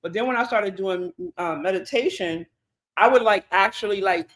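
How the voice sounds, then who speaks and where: A woman, co-hosting a podcast in relaxed, chatty talk full of fillers and asides. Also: mid-range voice, normal speed. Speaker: podcast co-host. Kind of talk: casual podcast chat.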